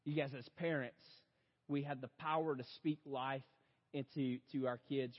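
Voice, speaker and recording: A young adult man preaching a sermon as a story, talking straight to his listeners and swinging between loud outbursts and hushed reflection. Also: mid-range voice, steady tone, moderate pace. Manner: storytelling, addresses audience as "you guys". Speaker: pastor. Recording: dull lo-fi sound in a big reverberant hall.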